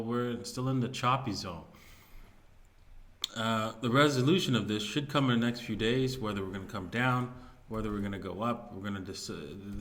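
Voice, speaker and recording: A man with a fairly low-pitched voice hosts his own video in a loose, rambling way. He trips over his words, fills gaps with "um" and "uh", and chuckles at his own asides. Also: fairly bright tone. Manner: rambling, many fillers and restarts, chuckles at own jokes. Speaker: crypto video host. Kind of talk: casual market commentary.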